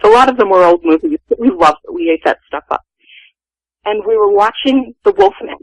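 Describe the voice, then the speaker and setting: Gravelly woman in her sixties. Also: mid-range voice, dry recording, low-quality recording. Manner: earnest, vivid retelling. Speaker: guest telling a personal story. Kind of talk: first-person storytelling.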